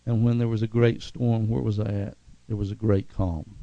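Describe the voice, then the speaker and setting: A man preaching a sermon, calling for amens from the congregation and swinging from loud, fervent passages to quiet, lowered ones. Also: level tone, moderate pace, no echo, lo-fi sound. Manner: call-and-response preaching, rising to shouts then dropping low. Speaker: pastor.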